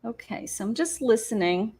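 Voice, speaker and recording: Hesitant higher-voiced woman medium. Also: expressive, normal speed, warm tone, husky. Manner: hesitant, many fillers. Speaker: psychic medium host. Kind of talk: live-stream casual talk.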